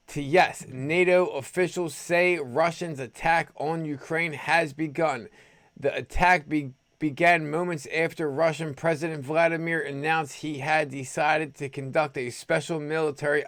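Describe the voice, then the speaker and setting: Brief: sarcastic, rambling male host with a fairly high voice and a dry, close sound. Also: a bit bright, no echo. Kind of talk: opinionated news commentary.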